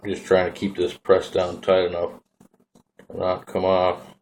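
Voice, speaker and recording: A very low-voiced man with a Minnesotan accent talks in a laid-back, folksy ramble while showing off his gear. Faint noise hums under the recording. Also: monotone, a little slow. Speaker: vaping hobbyist vlogger. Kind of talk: casual hands-on demo.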